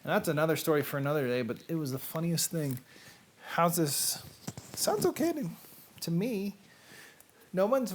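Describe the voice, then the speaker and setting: A middle-aged man with a Southern US accent, hosting a casual, rambling livestream chat in a self-deprecating way. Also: on the high side. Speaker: host.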